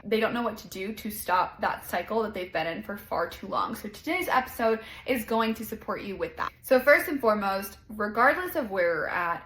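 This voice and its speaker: A woman hosting a casual self-help podcast, talking in a gentle, encouraging way and saying "like" often. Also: medium pitch, reverberant, a little hiss or hum, rough recording. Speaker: podcast host.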